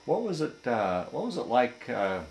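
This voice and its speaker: A man's voice: mid-range voice, sing-song, moderate pace, vocal fry, darkish tone, echoey room, a little hiss or hum. A man interviewing a veteran, prompting him with long, winding questions. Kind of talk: oral-history interview.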